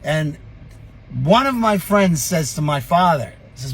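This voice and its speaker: A middle-aged man spins a tale from his past with lively, profane energy. His voice sits a little high for a man and carries a husky rasp. He talks in a casual, unscripted vlog style. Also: moderate pace. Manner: animated, profane, chuckling storyteller. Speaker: storyteller.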